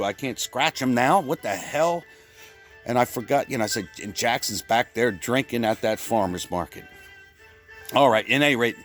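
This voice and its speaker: A man from Pennsylvania telling a rambling comic story, full of stumbling restarts and deadpan exaggeration. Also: on the low side. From Pennsylvania, USA. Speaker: comedian.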